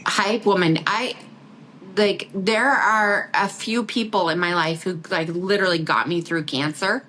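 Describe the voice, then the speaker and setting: A woman's voice: lowish voice, a little slow, slight background noise, low-quality recording. A middle-aged woman chatting as a podcast guest, telling stories with lots of laughter. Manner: laughing, animated storytelling with quoted voices. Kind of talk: casual chat.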